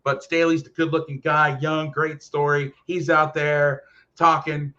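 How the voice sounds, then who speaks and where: A man rants about football coaching with heated, profane energy. His voice sits a little high for a man. The recording is dull and lo-fi. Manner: animated, profane, fast ranting. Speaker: football podcast host and coach. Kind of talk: casual rant. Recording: lo-fi muffled audio.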